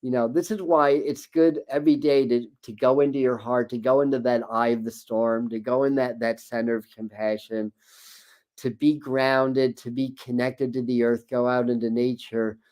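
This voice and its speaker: A man's voice: mid-range voice, steady tone, normal speed, darkish tone. A man hosting a tarot reading, talking in a loose, rambling way with many fillers and repeated words. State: a bit foggy this morning. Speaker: tarot reader and spiritual host. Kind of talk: casual spiritual talk.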